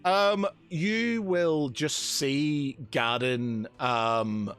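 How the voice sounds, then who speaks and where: A man's voice: on the high side, very slow, fairly bright tone, smooth, faint music behind. Hesitant man running a tabletop game. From Northern Ireland. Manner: hesitant, full of fillers, laughing. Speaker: game master.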